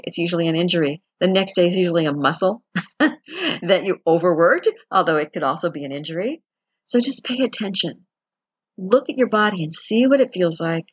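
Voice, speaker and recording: Woman chatting thru self-help tips, kinda husky, dry close sound. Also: lowish voice, no echo. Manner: chatty, conversational, acts out quotes with laughs. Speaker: wellness teacher. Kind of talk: casual self-help talk.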